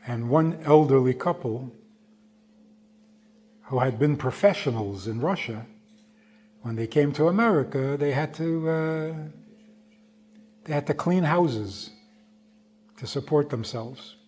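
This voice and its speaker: A rabbi delivers a storytelling talk at an unhurried pace. His voice is husky and mid-pitched, and his phrasing is emphatic and deliberate. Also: a little mellow. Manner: slow, emphatic, acts out quotes. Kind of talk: storytelling lecture.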